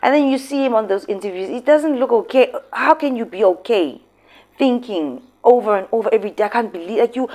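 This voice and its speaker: A South African woman hosting casual commentary, talking expressively and emphatically. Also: fairly low pitch. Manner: expressive, emphatic, switching into local words. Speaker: commentary host.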